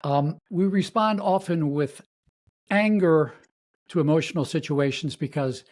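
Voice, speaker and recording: A middle-aged man speaks as a guest on a podcast, stopping and restarting his sentences. When he quotes someone, his pitch leaps up into a put-on voice before he drops back to his steady delivery. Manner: halting and repetitive, acts out quoted lines with big pitch jumps. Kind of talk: conversational podcast interview.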